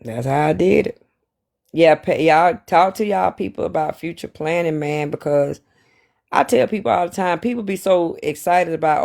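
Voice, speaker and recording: Animated storyteller man in his forties. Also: high voice, moderate pace, vocal fry. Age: 40s. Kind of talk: casual chat.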